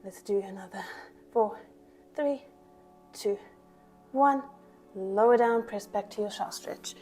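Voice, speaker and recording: A woman's voice: mid-range voice, slow pace, mellow, soft background music. A woman leading a pilates class, counting reps and cueing breaths as she exercises along, a little out of breath. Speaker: pilates instructor. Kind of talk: workout class instruction.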